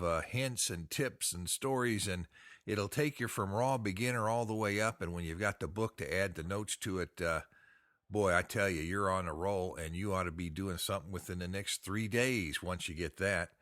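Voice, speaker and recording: A man's voice: low-pitched, moderate pace, a bit bright, no echo, clean studio sound. An American man hosting a podcast, chatting in a folksy, upbeat way. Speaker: podcast host. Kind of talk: casual podcast chat.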